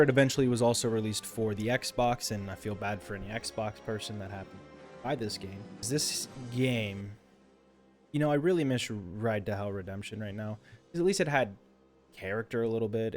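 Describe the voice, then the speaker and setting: Young man, casual game review, rambling, exasperated rants, middle-pitched voice, faint background music. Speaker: gaming video creator.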